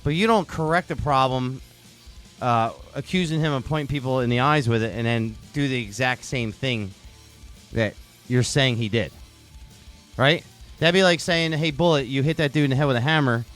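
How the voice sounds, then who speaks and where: A man's voice: medium pitch, normal speed, a bit bright, faint music behind. A man hosting a podcast, telling a heated story full of swearing and restarts. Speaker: podcast host. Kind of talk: casual chat.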